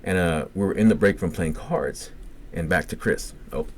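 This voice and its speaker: A middle-aged man with a Cajun lilt spins a long story in a low voice, swearing freely and acting out every quote. It sounds like a casual podcast, with a faint hiss of noise underneath. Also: moderate pace. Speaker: podcast co-host.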